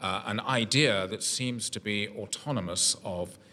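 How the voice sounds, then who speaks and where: A man's voice: lowish voice, unhurried, sharp tone, in a large hall. A male host leading an arts discussion, articulate and wordy, with hesitant restarts.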